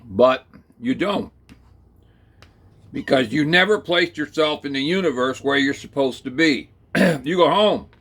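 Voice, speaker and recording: A man telling a rambling, folksy second-person story, talking slowly through it with plenty of hesitations and fillers. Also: a little high, fairly bright tone, husky. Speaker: channel host.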